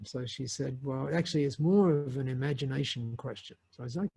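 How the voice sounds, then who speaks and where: Husky middle-aged man telling a story. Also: medium pitch, moderate pace, a little mellow. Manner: rambling with many restarts and fillers, laughs often. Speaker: podcast guest, entrepreneur. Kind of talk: casual conversational storytelling.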